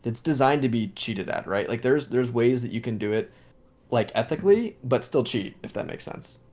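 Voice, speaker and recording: A man's voice: mid-range voice, animated, normal speed, a little mellow. A man speaking as a guest on a panel, earnest and informal, leaning on "like" and "right?". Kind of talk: casual panel chat.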